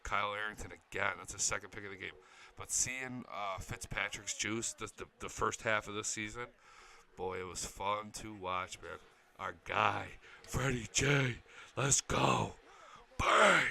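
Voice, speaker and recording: A man chats casually over football highlights. He sounds like a worked-up fan who cheers and curses at the plays. His voice sits a bit low but rings very bright, with a forceful edge. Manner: excited fan, swears, talks back to the footage. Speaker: sports channel host. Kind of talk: casual sports chat over game highlights.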